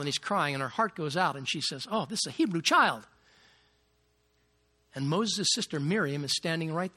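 A man's voice: a little high, bright, forceful tone. A man preaching a sermon, retelling a Bible story with dramatic flair and acting out the quoted lines.

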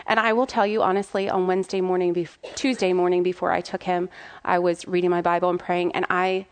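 A woman in her thirties, a mother, giving an earnest and candid personal faith testimony, pausing and restarting as she speaks. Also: on the low side, little pitch movement, smooth.

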